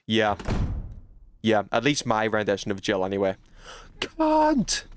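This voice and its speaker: A British man giving casual gameplay commentary on a livestream, chatty and swearing freely with sudden excited outbursts. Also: fairly low pitch, moderate pace, a little hiss or hum.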